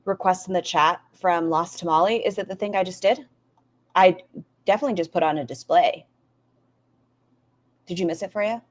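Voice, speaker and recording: A middle-aged woman reacting to clips on a stream, sarcastic and full of animated asides. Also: lowish voice, normal speed, long pauses. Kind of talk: casual commentary on clips.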